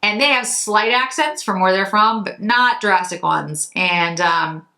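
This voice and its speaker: Speaking at a measured pace, a woman with a mid-range voice and sharp tone runs through beauty products. She's a vlogger from Massachusetts, and her casual chat rambles slightly, with frequent self-corrections.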